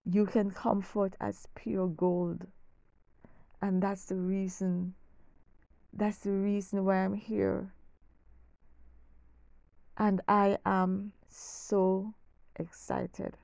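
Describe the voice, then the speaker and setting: A middle-aged woman speaks slowly and earnestly as the host of her own faith-filled podcast, repeating her words for emphasis. Her voice has a gravelly edge and a mellow, darker tone. It is recorded close and dry, with no room sound. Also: mid-range voice, little pitch movement, no echo. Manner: slow, emphatic, repeats phrases, drops to near-whisper at times. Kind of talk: heartfelt faith-based podcast monologue.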